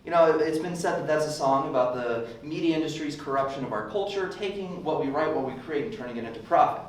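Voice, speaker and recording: A man's voice: on the high side, fast. A young man doing a rambling, self-deprecating stand-up set at an open mic, slipping into ranting voices now and then. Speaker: stand-up comedian. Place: club open mic room. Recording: echoey room, distant mic, faint hiss.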